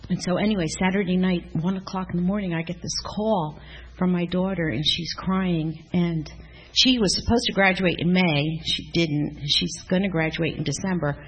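A woman's voice: on the low side, steady tone, normal speed, slightly rough, low-quality recording. A woman giving a casual spoken testimony in a church class, rambling and earnest with many restarts.

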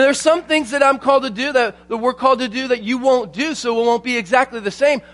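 High-voiced man preaching a sermon. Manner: storytelling, animated, repeats phrases. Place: church conference hall.

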